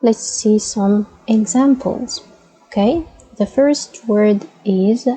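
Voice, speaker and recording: Slow, patient woman teaching letters. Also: medium pitch, warm tone, husky, rough recording. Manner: patient, says "okay?" often, models sounds by repeating them. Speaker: Arabic teacher. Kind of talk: slow instructional explanation.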